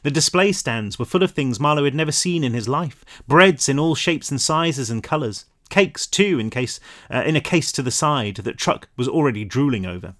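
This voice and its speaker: An author reading his own novel aloud in an animated way, adding casual self-mocking asides. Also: medium pitch, moderate pace.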